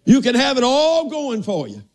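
A man's voice: very high voice, huge pitch swings, moderate pace. An older man preaching a folksy sermon, often asking "are y'all listening" and saying amen.

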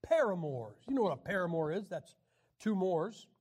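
A man teaching a class on the Bible in a wry, joking lecture style, often clearing his throat. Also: high-pitched, big pitch swings, normal speed, a little mellow, slight background noise.

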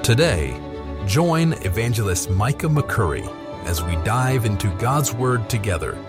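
Slow, lively announcer over loud music. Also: male voice, on the low side. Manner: slow and measured, with a lively, sing-song delivery. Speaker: program announcer. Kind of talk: scripted radio announcement.

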